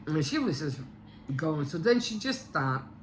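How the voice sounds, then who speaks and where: Woman, low voice, casual rambling retelling, slight background noise. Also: animated, measured pace. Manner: rambling, many fillers and restarts. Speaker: vlogger.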